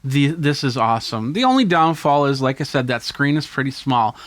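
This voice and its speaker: A man's voice: mid-range voice, lively intonation, a little fast, fairly bright tone, no room sound. A man hosting a tech video, casually and enthusiastically demonstrating camera gear hands-on. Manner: casual, enthusiastic show-and-tell.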